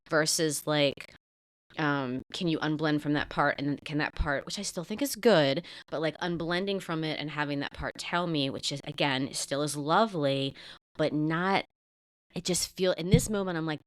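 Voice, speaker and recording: A woman with a notably low voice hosts a podcast conversation and thinks aloud candidly, her sentences full of fillers. The sound is close and dry, with no room echo. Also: normal speed, smooth. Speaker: podcast host.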